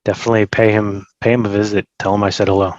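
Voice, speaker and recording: A man's voice: fairly low pitch, little pitch movement, rapid-fire, darkish tone, dry recording, dull audio. A man hosting a podcast, talking in an upbeat, chatty, rambling way. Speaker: podcast host. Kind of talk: casual podcast chat.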